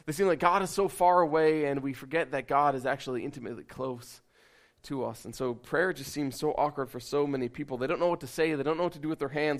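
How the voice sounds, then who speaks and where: A man preaching a sermon in a conversational, animated, self-deprecating way. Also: mid-range voice, fast. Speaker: pastor.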